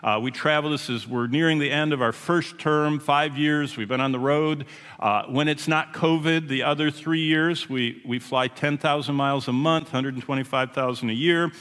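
A man's voice: on the high side, normal speed, fairly bright tone, clean tone. A man who is a traveling missionary preaching a sermon to a congregation, telling stories in a folksy, chatty way with asides to the audience. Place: church or meeting hall with a congregation. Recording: long hall reverb.

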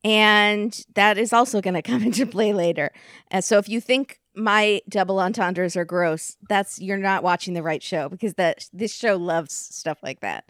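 A woman co-hosting a chatty recap podcast, her mid-range voice recorded close and dry. She retells the events with wry humor and lively energy, often breaking into laughs. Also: mid-range voice, normal speed, dry recording. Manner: wry, animated storytelling with frequent laughs. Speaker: podcast co-host. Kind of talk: casual recap chat.

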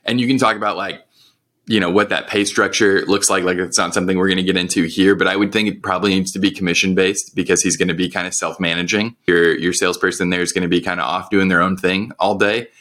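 A man's voice: low voice, flat delivery, fast, fairly bright tone. A man co-hosting a podcast, talking in a casual, conversational way and explaining business advice step by step. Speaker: podcast co-host.

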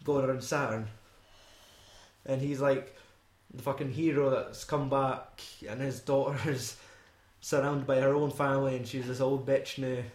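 A man's voice: mid-range voice, flat delivery, unhurried, a little mellow, echoey room. A Scottish man co-hosting a podcast, rambling and swearing casually as he talks through a film. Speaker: podcast co-host.

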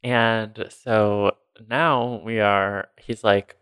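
Gravelly low-voiced man recapping a movie. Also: moderate pace, a bit bright, dry recording. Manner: sarcastic, rambling, laughs often. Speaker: podcast co-host. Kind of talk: casual chat recapping a movie.

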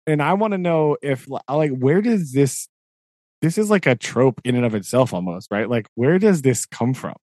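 A podcast co-host with a medium-pitched, animated, slightly mellow voice speaks at normal speed in a dry, clean studio recording. Chatting casually, he rambles and peppers his points with "right?" and "like".

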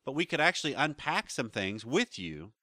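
Bright-voiced man rambling on a podcast. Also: mid-range voice, sing-song, normal speed, no echo, clean studio sound. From United States. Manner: rambling, restarts and trails off. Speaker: podcast co-host, relationship counselor. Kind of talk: casual chat.

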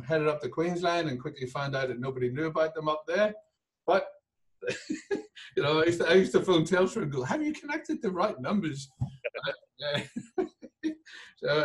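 A man's voice: fairly high pitch, recorded from a distance, low-quality recording. A man from Northern Ireland with a Northern Irish accent, a business owner chatting and joking in an interview. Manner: jokey, chatty, laughs often. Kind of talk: casual interview chat.

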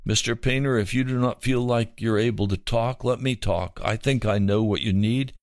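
A man doing a gentle, reassuring pastor. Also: mid-range voice, normal speed, no echo, clean studio sound, close to an everyday voice. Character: calm caring country pastor, man.

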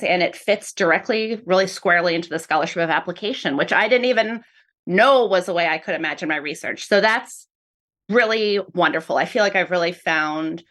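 A woman's voice: mid-range voice, normal speed, fairly bright tone. Woman, professor, earnest, explanatory, interview answers. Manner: earnest, explanatory, repeats "really" often. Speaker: professor of speech-language pathology.

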